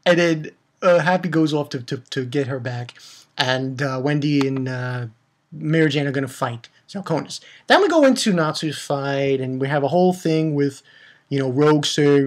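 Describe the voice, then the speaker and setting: A man reviewing a manga chapter in casual chat, excitable and rambling, with many fillers and exclamations. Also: on the high side, moderate pace.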